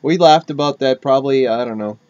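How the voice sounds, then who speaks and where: A man's voice: mid-range voice, brisk. A man co-hosting a podcast, chiming in casually and laughing along, on a dull lo-fi recording. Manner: relaxed, laughing sidekick chiming in. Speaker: podcast co-host. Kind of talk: casual chat. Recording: dull lo-fi sound.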